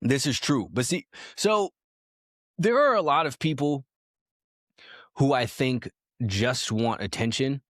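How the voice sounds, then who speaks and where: A man co-hosting a casual opinion podcast, arguing his points with lively, rising emphasis. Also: takes it slowly, long pauses, dry recording, studio quality. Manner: animated, argumentative, voice jumps high for emphasis. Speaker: podcast co-host.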